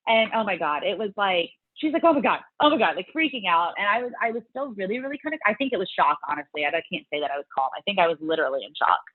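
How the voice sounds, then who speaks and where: A woman guest telling her story in a casual interview, animated and full of restarts. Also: on the low side, racing, few pauses, no room sound, narrow, tinny audio. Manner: animated, many restarts and fillers. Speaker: guest, bodybuilding competitor.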